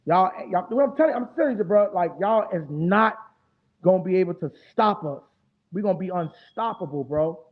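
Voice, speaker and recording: A man hosting a casual fan stream, talking fast and loose with a lot of profane, animated trash talk. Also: high voice. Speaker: fan show host. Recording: tinny phone-like audio.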